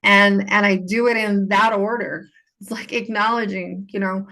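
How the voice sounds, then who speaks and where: A woman's voice: medium pitch, fairly even intonation, measured pace, gravelly, sharp tone. A woman hosting a solo podcast, talking earnestly and casually about healing, repeating phrases for emphasis. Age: adult. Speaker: podcast host and healing coach.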